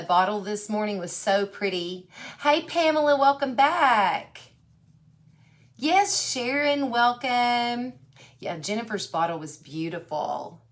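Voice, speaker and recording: A woman with a Texas accent hosting a casual craft livestream, chatty and folksy, warmly greeting viewers by name as she works. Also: mid-range voice. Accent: Texan.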